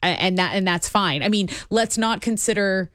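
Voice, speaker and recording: A woman's voice: medium pitch, normal speed, a bit bright, no echo, studio quality. A woman co-hosting a call-in talk radio show, chatting casually and reading out listener texts and news items. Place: radio studio. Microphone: close studio mic.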